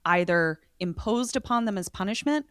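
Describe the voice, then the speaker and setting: A woman's voice: medium pitch, animated, moderate pace, fairly bright tone, clean tone, dry recording, clean studio sound. A woman co-hosting a podcast, chatty and jokey, often trailing off and restarting as she talks. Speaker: podcast co-host. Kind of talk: casual chat.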